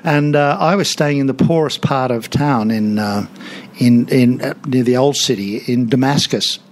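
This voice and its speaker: A man's voice: mid-range voice, normal speed, a little mellow, a little hiss or hum. A man in his seventies, a guest telling anecdotes in a studio interview, chatty and laughing often, with many restarts. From Australia. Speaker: guest, TV comedian and author. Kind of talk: casual interview storytelling.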